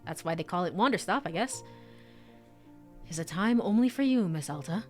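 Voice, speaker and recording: A woman reading a soft-spoken gentle tea keeper. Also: fairly low pitch, lively intonation, normal speed, soft background music, close to an everyday voice. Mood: soothing. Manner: soft, formal and soothing. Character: gentle polite male tea shop keeper. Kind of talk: reading game dialogue aloud.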